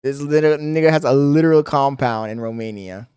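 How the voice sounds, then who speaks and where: A man's voice: medium pitch, fairly quick, darkish tone, clean tone, no echo. A man streaming live, mocking clips in crude, swearing commentary.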